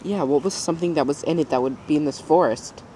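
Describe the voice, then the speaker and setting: A woman voicing an excitable player character in a fan-made puppet drama. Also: slight background noise. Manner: excitable, quick shifts in pitch.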